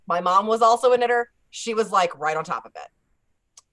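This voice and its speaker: A woman's voice: a little high, a little fast. A woman guest telling a casual story, acting out the voices of the people she quotes. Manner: lively storyteller who acts out quoted voices.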